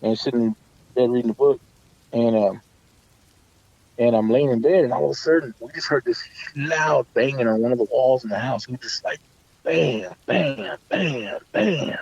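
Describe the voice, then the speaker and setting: Man, middle-pitched voice, rambling casual ghost story full of restarts, dry muffled lo-fi sound. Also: a little fast, darkish tone, dry recording. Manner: rambling, many restarts and fillers, swears casually. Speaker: guest storyteller.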